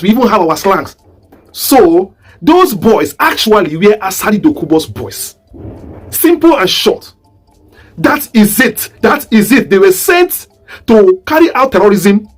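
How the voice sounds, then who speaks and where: Emphatic Nigerian man, lively high voice. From southeast Nigeria. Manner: rhetorical, emphatic, asks repeated questions. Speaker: online commentator. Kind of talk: commentary video.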